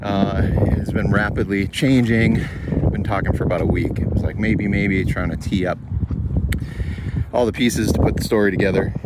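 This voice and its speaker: A man talking casually in a rambling, matter-of-fact way, narrating his travel vlog from the road. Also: on the low side. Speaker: cinematographer vlogger. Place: outdoors by a van on the road. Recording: noisy outdoor traffic ambience.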